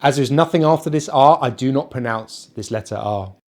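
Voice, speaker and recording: A man with a British accent teaching English pronunciation, slowly drilling and repeating syllables. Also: mid-range voice. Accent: British, non-rhotic. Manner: slow, exaggerated drilling of sounds. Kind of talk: pronunciation lesson.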